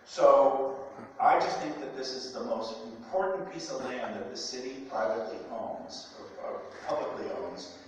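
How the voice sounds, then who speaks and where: A man's voice: mid-range voice, animated, moderate pace, a little hiss or hum. Guy pushing his point at a public meeting, emphatic, big echoey room. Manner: emphatic, persuasive. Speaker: public commenter. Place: large echoey meeting hall. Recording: distant, echoey hall.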